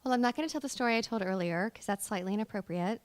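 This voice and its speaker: A woman voice actress being interviewed at a fan convention. She talks in a rambling, animated way, with lots of fillers and restarts. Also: medium pitch, very fast. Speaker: voice actress guest.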